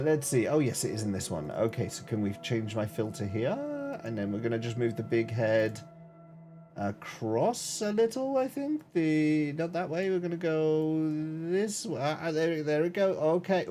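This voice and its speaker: A male streamer chats casually and jokily on a live game stream, greeting viewers by name and riffing on the chat. His voice sits in a middle pitch range, with faint music in the background. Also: darkish tone. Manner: chatty, jokey, greets viewers and reacts to chat. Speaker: gaming streamer.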